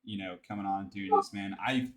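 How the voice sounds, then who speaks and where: A man hosting a podcast, talking casually with a guest and thanking him with relaxed, friendly backchannel remarks. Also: deep voice, a little fast. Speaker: podcast host, veteran. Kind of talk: casual interview.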